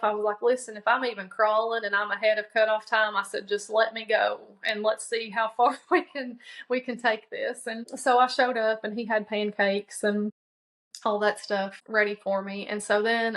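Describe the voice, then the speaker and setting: A woman's voice: medium pitch, a bit bright, low-quality recording. A woman, a guest on a podcast, telling a personal story in a conversational way and acting out what she and others said. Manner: conversational, many fillers and restarts; quotes herself and others in dialogue.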